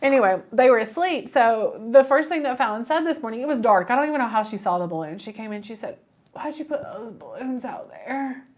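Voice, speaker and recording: A woman's voice: a little high, animated, fast talker, hardly any pauses. A woman in her thirties co-hosting a craft show, telling family stories in casual chat and laughing often. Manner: chatty storyteller, laughs often.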